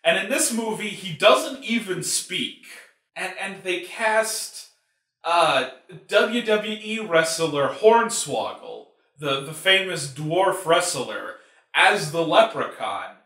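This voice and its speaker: A man's voice: high-pitched, animated, slow pace, sharp tone. A man hosting a movie review show, ranting in a casual, profane, exasperated way with lots of filler words. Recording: roomy echo.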